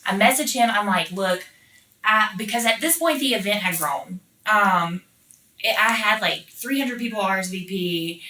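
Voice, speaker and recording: A woman being interviewed tells a rambling story in casual chat, swearing and filling her speech with "like" and "you know." Her mid-range voice is pushed and bright at normal speed, recorded from a distance with roomy echo.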